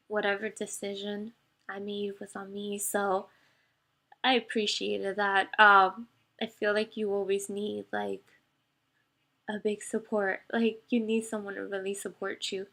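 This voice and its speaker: A young woman speaks straight to her viewers in a casual storytime. Her voice wavers as she holds back tears, and she often stops and restarts with "um" and "like". Her pitch sits in a middle range for a woman. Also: bright, forceful tone. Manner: tearful, halting, many fillers. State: emotional, close to crying. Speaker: vlogger. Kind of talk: personal storytime to camera.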